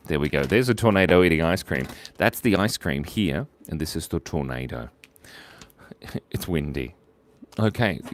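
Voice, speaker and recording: A man hosting a live drawing stream, joking playfully and narrating each stroke as he draws viewers' ideas. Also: sits low. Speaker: livestream drawing host.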